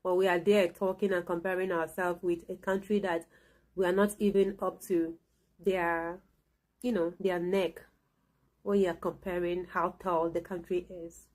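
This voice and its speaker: A woman's voice: fairly low pitch, little pitch movement, moderate pace, darkish tone. A woman hosting a casual commentary vlog, talking straight to her viewers and stacking repeated words for emphasis. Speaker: vlog host.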